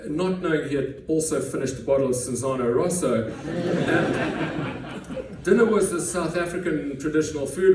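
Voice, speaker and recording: A man's voice: fairly high pitch, noisy background. A man telling a personal story on stage before a live audience, conversational and self-deprecating, often restarting his words. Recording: echoey room, heard from a distance, faint ambience.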